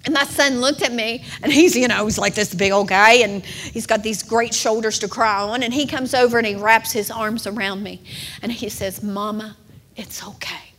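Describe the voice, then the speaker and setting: A middle-aged woman preaching a sermon, emotional and building to emphatic, drawn-out declarations. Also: fairly high pitch, a bit bright, a little hiss or hum.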